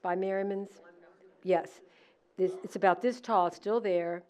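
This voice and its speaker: A middle-aged woman telling a story in a casual, animated way, acting out what people said. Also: mid-range voice, a little slow. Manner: animated, laughing, acts out quoted lines. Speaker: decorator at a museum holiday event.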